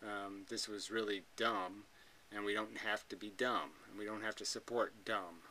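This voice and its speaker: Man, combative profane rant, cutting bright tone, slightly low pitch. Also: steady tone, normal speed, slight background noise, low-quality recording. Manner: blunt, sarcastic, swears freely. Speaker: commentary video host.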